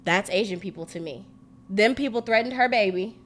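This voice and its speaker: A woman co-hosting a casual podcast. Her voice sits at a middle pitch. She talks frankly and with energy, drops swear words freely and fills her sentences with "like". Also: a little fast, a little hiss or hum. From family roots in Mississippi and Louisiana. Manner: animated, frank, swears freely, many "like" fillers. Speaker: podcast co-host.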